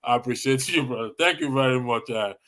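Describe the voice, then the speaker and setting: A man with a Nigerian accent hosting a casual livestream, answering chat comments and chuckling often in a teasing, animated way. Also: mid-range voice, a little fast. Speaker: livestream host.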